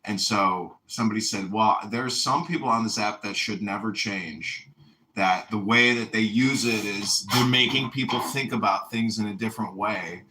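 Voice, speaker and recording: An American man with a lowish, pushed, bright voice chats casually over the phone at a moderate pace. He tells meandering stories and quotes other people. The recording is rough, with slight background noise.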